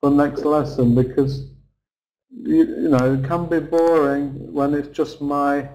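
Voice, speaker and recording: A man teaching an online lesson, slow and patient, repeating key phrases for his students. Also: fairly high pitch, fairly even intonation, darkish tone, rough recording. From England. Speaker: English teacher.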